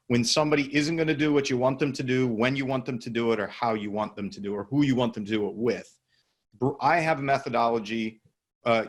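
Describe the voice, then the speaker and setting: A man hosting a casual training discussion on sales calls, asking his co-host questions and steering the talk. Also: medium pitch. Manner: conversational, leads with questions, frequent restarts.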